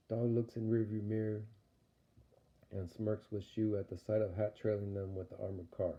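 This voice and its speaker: A man's voice: lowish voice, level tone, moderate pace, mellow. A man narrating an audio story in a rambling, playful way. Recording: dull lo-fi recording.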